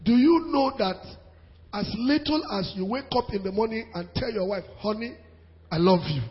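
Male preacher, animated sermon delivery, high voice, muffled sound with a long hall echo. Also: moderate pace. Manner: animated preaching with pidgin asides and laughter. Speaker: pastor. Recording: dull sound in a reverberant hall.

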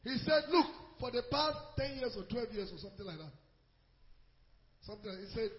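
A man preaching a sermon, telling a story that moves between loud exhortation and low, quiet narration. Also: lively intonation, a little fast, pauses often, long reverb tail, dull audio. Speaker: pastor.

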